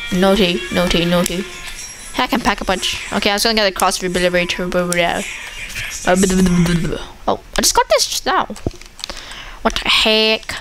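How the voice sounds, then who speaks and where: A woman giving casual, excitable commentary while playing a zombie shooter game, chattering at the game and the enemies. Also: mid-range voice, poor audio. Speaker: gameplay commentator.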